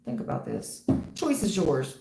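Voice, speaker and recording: A woman's voice: low-pitched, huge pitch swings, a little slow, vocal fry, mellow, faint music behind. A woman reading tarot for viewers on a livestream, blunt and casual, calling people hun and baby, laughing and swearing. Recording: roomy echo with faint noise.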